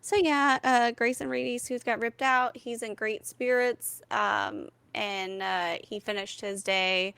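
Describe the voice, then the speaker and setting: A woman in her thirties co-hosting a podcast, telling stories with lots of fillers and animated asides. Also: fairly high pitch, takes it slowly, vocal fry, hardly any pauses, smooth, no echo. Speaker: podcast co-host. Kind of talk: casual comedic chat.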